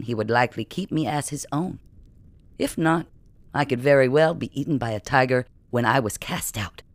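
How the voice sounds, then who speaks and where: A man reading the lines of a strange ageless boy who talks in a crisp, odd accent and an unsettling matter-of-fact way, in an audiobook. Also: medium pitch, no echo, lightly acted.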